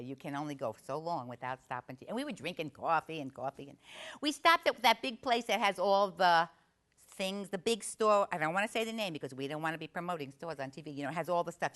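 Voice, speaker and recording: A woman's voice: low-pitched, expressive, fast, fairly bright tone. A woman playing a brash, chatty Italian-American aunt from northern New Jersey, telling a comic story in a confiding way with a New Jersey accent. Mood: gabbing. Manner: chatty, confiding, asks the audience questions.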